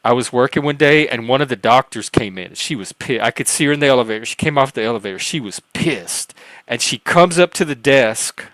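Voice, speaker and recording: A man's voice: mid-range voice, animated, brisk, fairly bright tone, dry recording. A man on a livestream panel telling a personal story in casual talk, earnest and rambling, with frequent restarts and self-corrections. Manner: earnest, acts out quoted dialogue.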